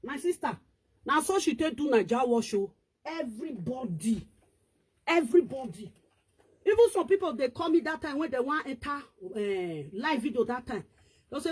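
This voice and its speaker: A woman's voice: sits high, big pitch swings, moderate pace, a little mellow, breathy edge. A woman with a Nigerian Pidgin accent, ranting and scolding in casual online commentary, switching between languages.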